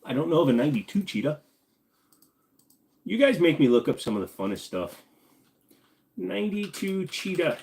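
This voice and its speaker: A man's voice: medium pitch, very animated, fairly quick, long pauses, a little mellow. A man from Virginia hosting a casual live Q&A, rambling and joking while he answers chat questions. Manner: rambling, joking, talks while fiddling with gear.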